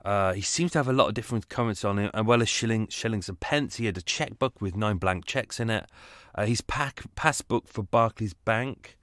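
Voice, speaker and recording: A man hosting a true-crime podcast in a loose, chatty way, wandering into asides and chuckling at his own tangents. His voice sits fairly low. The sound is dry and close, with almost no room in it. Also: fairly quick, a bit bright, dry recording. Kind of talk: casual rambling podcast narration.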